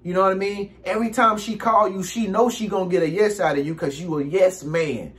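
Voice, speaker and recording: A man, giving casual relationship advice in an animated, preachy monologue. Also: high voice. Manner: animated, preachy, acts out quick impressions.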